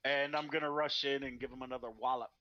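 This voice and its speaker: A man's voice: medium pitch, flat delivery, fast, muffled recording, crowd noise. A man playing a tabletop game, eagerly declaring his character's actions. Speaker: player. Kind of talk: casual tabletop game talk.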